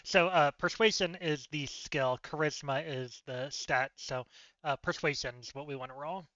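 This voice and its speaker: Giggly high-voiced man playing a tabletop game. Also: a little slow, sharp tone, no room sound, muffled recording. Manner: giggly, self-deprecating, chatty. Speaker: solo campaign player. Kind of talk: casual live-stream tabletop chat.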